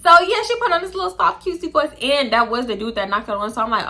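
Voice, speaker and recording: A woman's voice: on the high side, fast talker, hardly any pauses. A young woman telling a casual, slangy story to camera and acting out the people in it. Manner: animated, slangy, swearing, acts out voices. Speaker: storytime vlogger.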